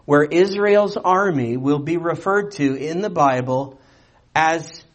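A man preaching a sermon, animated and conversational, with rhetorical questions and playful asides. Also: on the high side, takes it slowly. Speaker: pastor.

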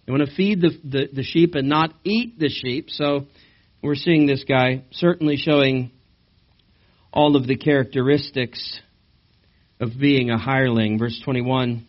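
A man preaches a sermon at a church service. He is animated and often asks the congregation questions, at a middling pitch for a man. The recording sounds slightly dull. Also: a little slow. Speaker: pastor.

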